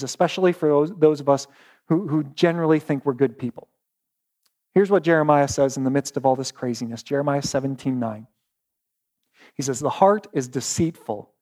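A man preaching a sermon in an animated, conversational storytelling manner, often restarting his words. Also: fairly high pitch. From West Virginia. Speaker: pastor.

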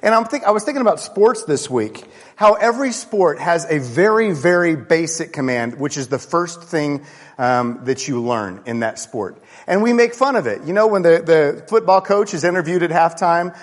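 Casual joking pastor in an echoing hall. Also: male voice, a little high, normal speed. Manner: casual, joking, self-deprecating. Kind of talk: sermon. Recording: long reverb of a large hall.

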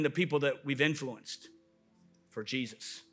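A man delivers a sermon as pastor, pressing his point with repeated questions and rising emphasis. His voice sits high and sounds bright and forceful. Quiet music plays faintly beneath him. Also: moderate pace. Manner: impassioned preaching with rising emphatic repetition.

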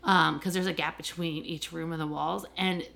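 A woman's voice: low voice, normal speed, vocal fry. A middle-aged woman hosting a podcast, an educator who works with children and families, talking candidly in a casual monologue and telling stories with many fillers. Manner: candid, animated storytelling with frequent fillers.

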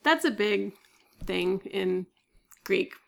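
A woman's voice: medium pitch, lively intonation, slow pace, gravelly, a bit bright. A woman co-hosting a podcast, retelling a myth in a chatty storytelling way with many fillers and frequent coughs. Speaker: podcast co-host. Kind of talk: casual chat, retelling a myth.

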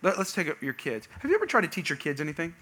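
High, bright-voiced preacher telling stories. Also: male voice, racing. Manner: energetic storytelling, shouting punchlines. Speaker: pastor. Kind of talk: sermon.

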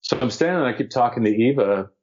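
A man, an actor, telling animated anecdotes as an interview guest and laughing now and then as he talks. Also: medium pitch, fast, dull audio. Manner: animated storyteller, laughs mid-story.

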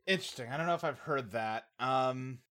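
A man co-hosting a podcast in casual chat, animated and jokey, often laughing and slipping into silly voices. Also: mid-range voice, brisk. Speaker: podcast co-host.

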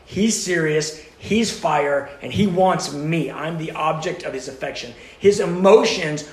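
Passionate preacher man, fairly high voice. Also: a little slow, echoey room. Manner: passionate, swings from loud urgent pleading to hushed intimate tones. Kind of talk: teaching sermon.

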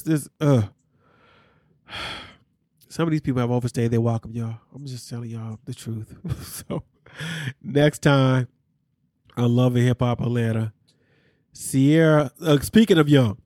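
A man's voice: mid-range voice, slow, long pauses, darkish tone, no room sound, studio quality. A man hosting a podcast, recapping reality TV in a candid, slangy way with asides to his listeners. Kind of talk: casual chat.

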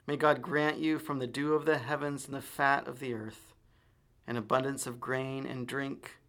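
A man's voice: mid-range voice, flat delivery, moderate pace, a bit bright, lightly acted. A man reading the lines of an old blind father giving a solemn blessing.

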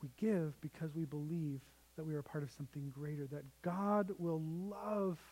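A man's voice: on the high side, fairly even intonation, normal speed, a little mellow, slightly rough, poor audio. A young man preaching a sermon in a conversational storytelling way, often restarting sentences. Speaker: pastor.

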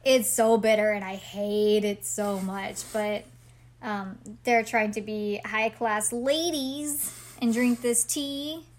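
A woman with a slightly higher-pitched voice co-hosts a casual podcast. She recaps an anime episode in an easygoing way and keeps dropping in wry, quick jokes. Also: steady tone. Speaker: podcast co-host.

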